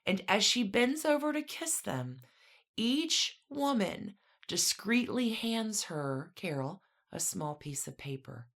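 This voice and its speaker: A woman's voice: mid-range voice, very animated, takes it slowly, a bit bright. A woman co-hosting a podcast, casually telling a story with conversational, dry asides. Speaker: podcast co-host.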